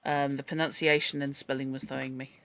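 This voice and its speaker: A game streamer rambles and chats while playing, musing aloud about word origins and how characters look. The voice is medium-pitched, flat, a little fast and fairly bright, with no room sound. It's chatty let's-play commentary: reading from a dictionary, wandering off topic, exclaiming at a cat.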